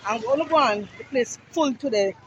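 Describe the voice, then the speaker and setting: A woman's voice: fairly high pitch, brisk, highs cut off. A woman with a Jamaican accent vlogging casually at a busy beach, chatting to her viewers through a phone camera. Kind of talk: casual vlog chat. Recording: outdoor beach noise behind.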